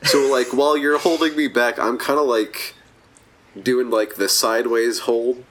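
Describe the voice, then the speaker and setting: A man's voice: mid-range voice, fairly even intonation, unhurried, fairly bright tone, slight background noise. A man playing a tabletop role-playing game, chatting casually and rambling with lots of fillers. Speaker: player.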